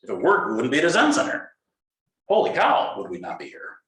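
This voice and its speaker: Animated man giving a dharma talk. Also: on the high side, fairly quick. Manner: animated, playful, acts out inner voices. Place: meditation hall. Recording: roomy hall echo.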